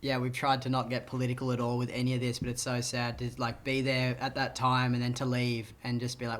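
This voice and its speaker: A man as a podcast guest, chatting casually and telling anecdotes with lots of fillers. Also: mid-range voice. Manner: animated storyteller, quick fillers. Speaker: guest filmmaker. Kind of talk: casual conversational interview.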